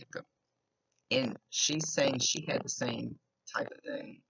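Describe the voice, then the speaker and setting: A woman's voice: rumbling low, takes it slowly, creaky, fairly bright tone. A woman psychic medium talking casually in a chatty, rambling way during a reading. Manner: chatty, rambling, laughs often. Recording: lo-fi with faint noise.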